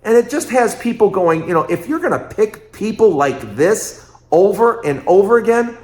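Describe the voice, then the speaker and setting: Guy ranting on his politics show, kinda high voice, keeps repeating stuff for punch, roomy echo. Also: big pitch swings, a little mellow. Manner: repetitive, emphatic, fast rhetorical bursts. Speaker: political commentary host. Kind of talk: casual political commentary.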